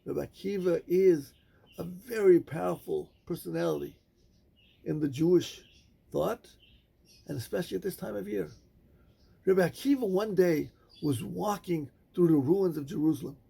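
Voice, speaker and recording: A rabbi delivers a sermon and tells its story in measured phrases with dramatic pauses. His voice is strongly gravelly and husky, and it is fairly high for a man. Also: warm tone.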